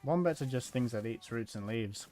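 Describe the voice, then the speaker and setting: Australian man, gaming streamer, rambling chat, easily amused, slangy, mid-pitched voice. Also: animated, normal speed, warm tone, soft background music. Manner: uses Aussie slang. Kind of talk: casual chat while gaming.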